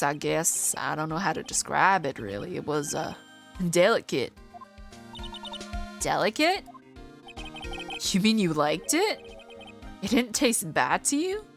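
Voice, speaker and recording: A woman dropping her voice to play a gruff, hapless middle-aged detective. He mumbles in a low, mopey way, with faint music underneath. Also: a bit bright, exaggerated voice. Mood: deadpan.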